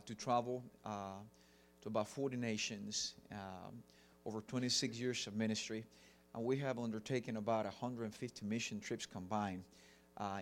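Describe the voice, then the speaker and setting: A man's voice: medium pitch, slight background noise. A middle-aged man from Cuba with a Cuban Spanish accent, preaching a sermon earnestly with many fillers. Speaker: pastor.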